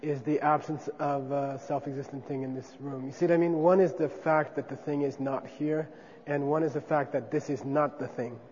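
A man's voice: on the high side, fairly even intonation, normal speed, hardly any pauses, a little mellow. A man teaching a class, explaining ideas in a conversational way and often checking in with his listeners. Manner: conversational, checks in with frequent 'okay?'. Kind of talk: classroom lecture on Buddhist philosophy. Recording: dull lo-fi sound with long reverb.

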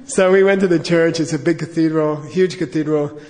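A Buddhist teacher talks in a loose, joking way, leading chants and telling stories with a fairly high voice. His words ring with a long reverb from a large hall. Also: steady tone, fairly quick, darkish tone. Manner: chatty, joking, leads chanting. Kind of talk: dharma talk with storytelling.

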